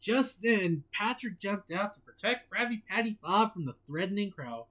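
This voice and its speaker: A woman's voice: medium pitch, expressive, normal speed, fairly bright tone. A woman hosting a casual storytime, reading a storybook and chatting in a giggly, rambling way. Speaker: storytime host and reader.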